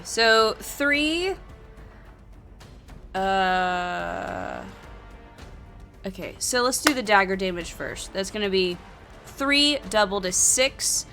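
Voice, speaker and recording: A woman plays through a solo tabletop adventure and narrates it, counting dice aloud and bursting into loud frustration. Her voice is bright and crisp, and she speaks at an unhurried pace. Soft music plays faintly behind her. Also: medium pitch. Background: faint background music.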